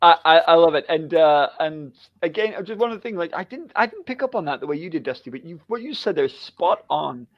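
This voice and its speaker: A man co-hosting a casual book chat, an animated storyteller who laughs a lot and acts out the lines he quotes. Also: on the high side, brisk, hardly any pauses, no echo, dull audio. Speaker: book club co-host.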